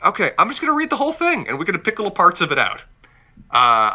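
A man's voice: high-pitched, wildly swooping pitch, quick pace, pushed and bright. A man co-hosting a casual podcast, chatting and reading lines from a show aloud. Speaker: podcast co-host. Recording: dull lo-fi mic.

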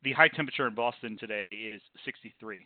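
A man on a podcast telling a story of his own in casual chat, emphatic and animated as he describes getting worked up. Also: fairly low pitch, fast talker. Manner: animated, emphatic retelling of frustration. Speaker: podcast co-host. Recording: tinny phone line with faint noise.

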